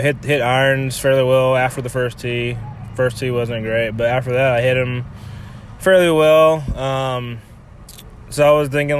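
A man's voice: medium pitch, slight background noise. A man talking casually about his golf game in a loose, rambling way, full of fillers and the odd swear word. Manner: filler-heavy, laid-back, swears casually. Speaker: amateur golfer podcaster.

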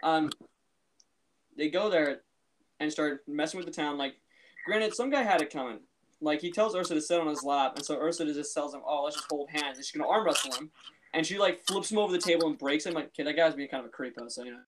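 Podcast dude, chatty n amused, kinda high voice, lil hiss behind it. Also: male voice, quick pace. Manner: chatty and amused, full of "like" and restarts. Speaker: podcast co-host. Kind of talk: casual chat.

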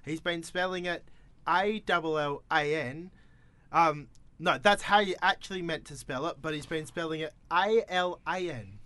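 A man's voice: fairly high pitch, normal speed, bright, forceful tone, no echo. A man with an Australian accent hosting breakfast radio, chatting in a playful, jokey way. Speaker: radio host.

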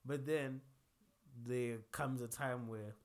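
A man in casual chat who speaks calmly and explains his points step by step. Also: mid-range voice, slow.

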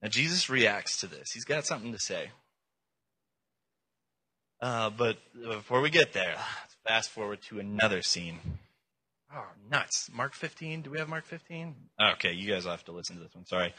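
A man preaching a casual, irreverent sermon, telling the story in plain, loose words. His voice is very bright and tense, with a husky grain. His pitch jumps around in a lively way.

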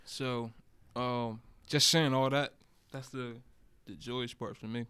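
A young man co-hosting a casual podcast, speaking softly and easily about his son. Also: medium pitch, steady tone, slow, clean tone, no room sound. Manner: laid-back, soft-spoken. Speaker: podcast co-host.

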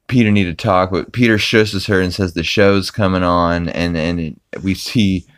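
A young man with a very deep voice and a smooth, resonant tone, recapping an episode on his podcast. He rambles casually and restarts his sentences often. The sound is close and dry. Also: fairly even intonation, moderate pace, a bit bright, no room sound. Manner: rambling, full of fillers and restarts. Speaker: podcast host.

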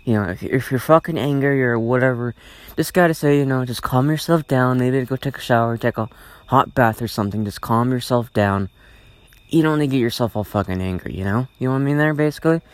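A man's voice: mid-range voice, a little fast, dry recording. Guy ranting on his own podcast, swears a lot, keeps repeating himself, dry close mic. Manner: rambling, repetitive, swears often. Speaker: podcast host. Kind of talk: solo podcast rant.

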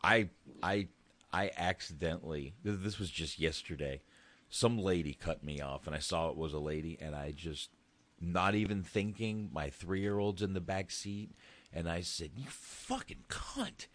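A man's voice: low voice, normal speed, fairly bright tone. A man in his thirties in casual chat, a laid-back, rambling and profane storyteller.

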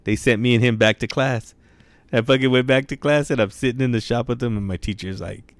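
Young dude telling stories, lots of swearing and bro, dude, smooth lowish voice, dry close mic. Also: male voice, fairly even intonation, brisk, dry recording. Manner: laid-back slang, heavy swearing, lots of "bro" and "dude". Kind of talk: casual storytelling chat.

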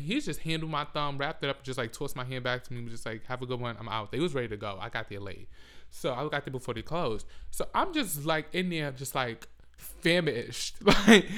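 A man's voice: mid-range voice, smooth. A young man, telling a profane, dramatic story in a casual vlog. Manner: animated, profane, dramatic retelling. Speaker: vlogger.

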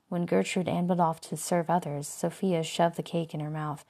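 Woman narrating a gothic story, low voice. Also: level tone, moderate pace, dark tone. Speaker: audiobook narrator. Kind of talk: first-person scripted narration.

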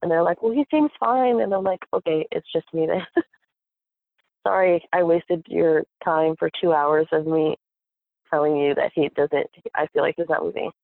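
A young woman tells her story in an easy, animated chat, slipping into the voices of the people she quotes. Her voice has a gravelly, crackly edge. The sound is dry and thin, like a phone line. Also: low-pitched, moderate pace, no echo. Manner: animated, acts out quoted voices, laughs often. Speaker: guest. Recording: tinny phone-like audio.

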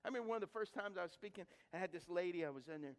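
Brief: middle-aged man, high-pitched pastor, folksy humorous sermon, questions the crowd. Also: very fast. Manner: lively, humorous, rhetorical questions to the congregation; repeats words and restarts while building stories. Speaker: preacher. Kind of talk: sermon with storytelling.

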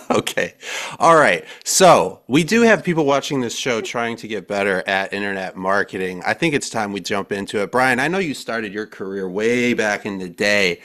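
A man's voice: on the low side, animated, moderate pace, a bit bright. A man hosting a podcast in casual, joking banter, playful and sometimes profane. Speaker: podcast host.

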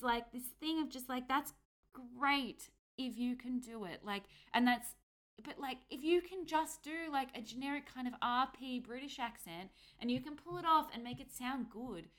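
A woman talking through a gripe in loose, rambling sentences packed with filler words. Her voice sits a little on the high side. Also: fairly bright tone. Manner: rambling, heavy use of "like", indignant critique. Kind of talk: casual chat.

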